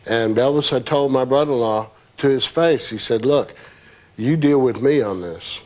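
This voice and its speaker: A man's voice: mid-range voice, normal speed, darkish tone, poor audio. A man in casual group conversation, plainly recalling an old argument. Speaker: longtime associate in group talk.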